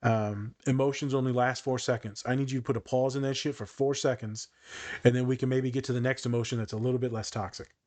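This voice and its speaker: A man's voice: medium pitch, steady tone, fast talker, darkish tone. A young man hosting a podcast, chatting casually and joking, with casual swearing. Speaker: podcast host and therapist. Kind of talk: casual chat.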